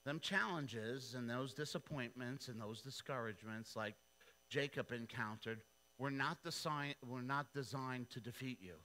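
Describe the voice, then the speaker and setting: A male pastor preaching a sermon, telling the story in an animated, playful, slangy way. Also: medium pitch, moderate pace, rough recording.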